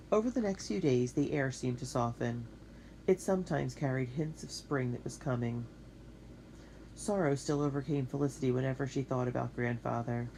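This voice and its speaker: A woman reads a children's chapter book aloud in a low, mellow voice. She is gentle and lifts her pitch for the girls' dialogue. A faint hiss sits under the recording. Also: rough recording. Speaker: audiobook reader. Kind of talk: storybook read-aloud.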